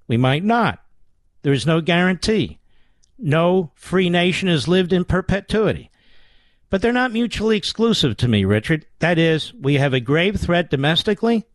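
A man's voice: on the high side, no room sound. A man hosting a talk radio show, arguing his points emphatically with rhetorical questions.

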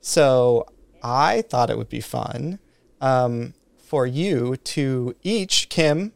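A man's voice: medium pitch, animated, very slow, vocal fry, dry recording. Playful male podcast host. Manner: playful, game-show announcer. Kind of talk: casual game hosting.

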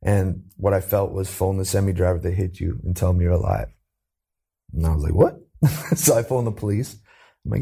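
Gravelly low-voiced man telling his story. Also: normal speed, mellow. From Canada. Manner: earnest, acts out quoted voices with rising pitch. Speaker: interview guest. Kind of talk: personal storytelling in an interview.

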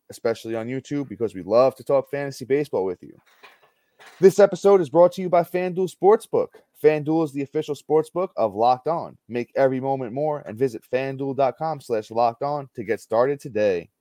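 A man hosting a casual sports podcast, upbeat and reading stats in a steady list. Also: medium pitch, no room sound. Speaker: podcast host.

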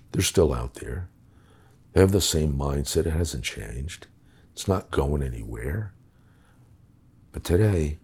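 A man's voice: very deep voice, a little mellow, slightly rough. A middle-aged man telling a story in conversation, blunt, emphatic and full of swearing. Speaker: guest recounting his time as a police official.

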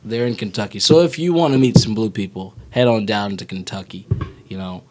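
A man's voice: lowish voice, expressive, fairly quick, darkish tone. A man co-hosting a podcast, rambling playfully as he retells a movie plot. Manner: rambling, playful, retells plots with put-on voices. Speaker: podcast co-host. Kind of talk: casual podcast chat.

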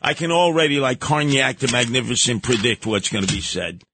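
A man's voice: medium pitch, lively intonation, brisk, noisy background. A man hosting a talk radio show, delivering a blustery, sarcastic, mocking monologue into a studio microphone.

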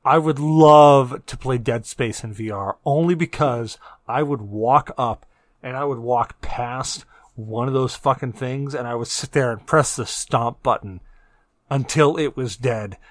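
Middle-aged man, podcast co-host, animated profane storytelling, dry close sound. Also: medium pitch, a little slow, no echo. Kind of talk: casual chat.

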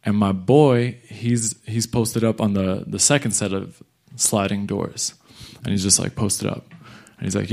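A young man from New York City telling a comic story live, animated and jumping into voices of the people in it. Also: fairly low pitch, normal speed, vocal fry. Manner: animated, acts out other people's lines.

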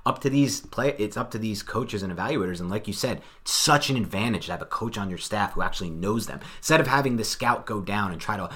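A man co-hosting a podcast, talking through the draft in a fast, animated, casual way. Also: fairly low pitch, breathy edge. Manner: fast, animated, thinks aloud. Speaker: podcast co-host. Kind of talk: casual sports chat.

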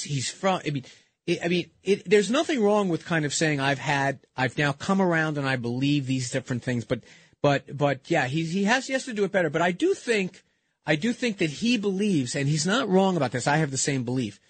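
Animated husky man on talk radio. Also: a little high, no echo. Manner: quick, animated, restarts and stammers while making points. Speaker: radio talk show host. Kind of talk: radio talk show banter. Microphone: studio microphone.

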